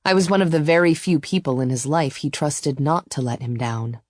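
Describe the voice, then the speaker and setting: A woman narrating a first-person romance audiobook in a steady, intimate storytelling voice. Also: low-pitched, moderate pace, no room sound, clean studio sound.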